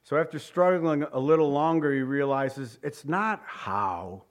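Guy preaching a sermon, slightly high voice, goes loud then drops to a hush, repeats stuff for punch. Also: lively intonation, a little slow. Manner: dramatic swings from loud exclamations to hushed low emphasis; repeats key words for emphasis.

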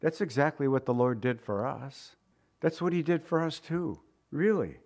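At a moderate pace and with a voice on the high side, a man delivers a sermon built on lively stories. He chuckles through them and acts out the voices of the people involved.

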